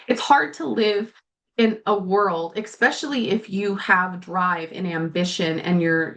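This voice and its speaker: A woman's voice: medium pitch, a bit bright. A woman hosting a coaching podcast and talking to the listener about grief, candid and swearing freely, at times close to tears. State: tearful at times. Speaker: life coach and podcast host. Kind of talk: solo podcast monologue.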